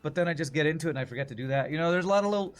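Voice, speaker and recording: A man's voice: on the high side, rapid-fire, clear, resonant tone, soft background music. A man streaming a card game, chatting casually and thinking aloud about his moves. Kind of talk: casual gameplay commentary.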